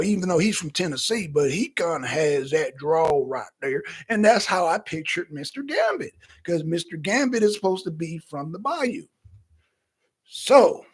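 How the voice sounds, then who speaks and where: A man hosting a casual livestream, reading chat comments and reacting with restarts, casual swearing, and sudden loud high bursts. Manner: animated, swings loud and high when excited.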